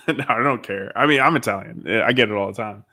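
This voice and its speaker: A man's voice: fairly low pitch, fast, bright, forceful tone. A man co-hosting a casual podcast, who talks in an easygoing, plainspoken way and laughs easily. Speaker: podcast co-host. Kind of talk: casual chat.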